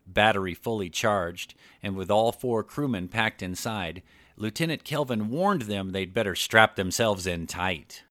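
Low-voiced male audiobook narrator. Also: a little slow, a bit bright, dry recording, studio quality. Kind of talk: scripted narration.

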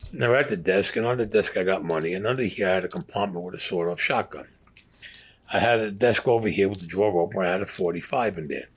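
A man's voice: sits low, fast talker, breathy edge. Blunt, profane New man. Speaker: interviewee. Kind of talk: storytelling.

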